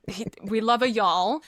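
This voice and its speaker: A woman's voice: fairly high pitch, slow, fairly bright tone, no room sound, clean studio sound. A woman chatting as a podcast guest, rambling and laughing often as she talks. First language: not English. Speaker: podcast guest, dungeon master. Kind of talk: casual chat.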